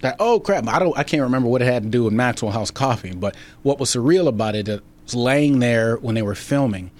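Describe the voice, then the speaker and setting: Guy chatting in an interview, rambling with lots of restarts, mid-pitched voice. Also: lively intonation. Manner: rambling, halting, many restarts. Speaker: actor guest. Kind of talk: casual interview storytelling.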